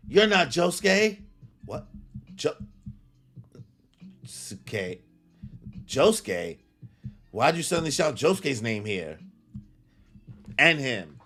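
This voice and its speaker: A man's voice: medium pitch, a bit bright. A young man reacting live to a comic chapter, exclaiming and swearing casually with lots of slang. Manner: exclaiming, crude slang, says "bro" a lot. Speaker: manga reaction streamer. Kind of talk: live reaction commentary while reading.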